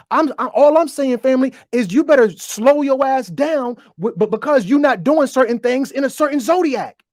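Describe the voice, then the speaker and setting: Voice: sits high, animated, moderate pace, a little mellow, no room sound, studio quality. Stuttering, profane ranting host. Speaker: online show host. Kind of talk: ranting monologue to viewers. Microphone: desk microphone, bumped while talking.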